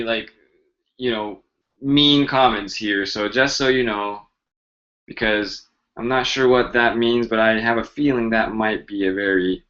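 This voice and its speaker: A man's voice: mid-range voice, a bit bright, dull audio. A man hosting a casual live-stream language lesson, chatty and joking as he answers viewers' questions.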